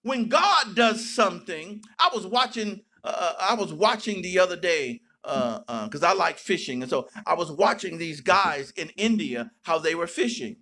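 A man pastor preaching a sermon, breaking into sudden shouts and playful asides. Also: high-pitched, lively intonation, normal speed, few pauses.

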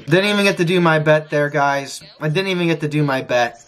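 A man streaming a casino session, frustrated, talking excitedly and repeating his pleas to the wheel. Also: fairly high pitch, fairly quick. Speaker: gambling streamer. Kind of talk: live casino session commentary.

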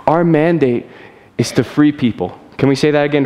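A young man preaches to a church congregation in a relaxed, conversational way. His voice sits at an ordinary middle pitch. He stumbles over his words, stammers and restarts his sentences, and laughs at himself often. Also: quick pace. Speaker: pastor. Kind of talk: sermon with personal story. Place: church service.

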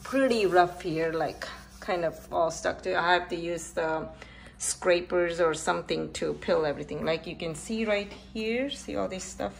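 A middle-aged woman casually narrates her home repair vlog, rambling and halting with frequent fillers. She's out of breath from pulling, and her voice sits on the low side with vocal fry.

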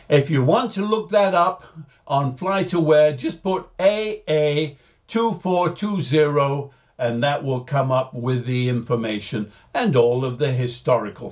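Slow-talking, cheerful older man. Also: a little high. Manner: cheerful, chatty, slow and jokey. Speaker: flight sim video host. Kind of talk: casual chat to camera.

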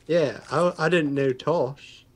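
A man's voice: fairly high pitch, takes it slowly. A man chatting and laughing with friends while gaming. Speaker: gamer. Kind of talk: casual chat while gaming. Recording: noisy gaming mic with clicks.

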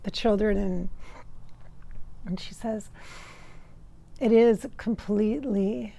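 An American woman serves as a spiritual medium, passing along messages during a channeling session. She speaks haltingly, groping for words, in a medium-pitched voice with a dark tone.

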